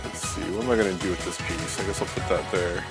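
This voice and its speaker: A man co-hosting a casual gaming stream, joking around and telling stories in an animated way. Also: low voice, quick pace, loud music behind the voice. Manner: joking storyteller, acts out quotes. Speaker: co-host.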